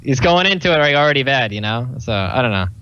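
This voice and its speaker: A man's voice: medium pitch, big pitch swings, fast, pushed and bright, clean tone. A man from the American South with a Southern drawl, a podcast guest talking in a laid-back, offhand way. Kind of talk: casual podcast chat. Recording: dull lo-fi voice line.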